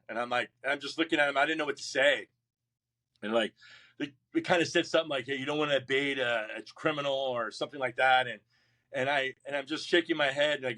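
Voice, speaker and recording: A brisk, mid-range voice belongs to a middle-aged Marine veteran recounting his life as an interview guest. He animatedly voices the characters in his stories and often backs up to restart.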